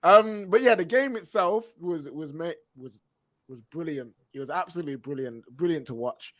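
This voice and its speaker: Animated slangy football pundit, man. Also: fairly high pitch, normal speed, no echo. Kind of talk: casual chat.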